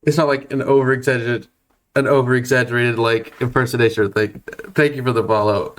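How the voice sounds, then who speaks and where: A young man in his twenties chats on his game stream at an average pitch for a man. He talks in a nervous, self-deprecating way, stammering through restarts and laughing often. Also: fairly even intonation, fairly quick. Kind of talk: casual live-stream chat.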